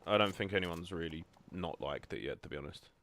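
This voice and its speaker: A man's voice: low-pitched, expressive, brisk, a bit bright. A young man hosting a gaming video, chatting casually and self-deprecatingly with lots of ums. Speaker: gaming channel host. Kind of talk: casual gameplay chat.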